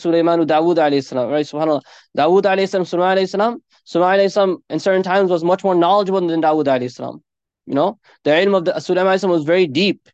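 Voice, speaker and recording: A man's voice: on the high side, a little mellow, dry recording. A man preaching an informal sermon, earnest and conversational, sprinkling his talk with Arabic religious phrases. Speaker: Islamic preacher. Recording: dull lo-fi dry recording.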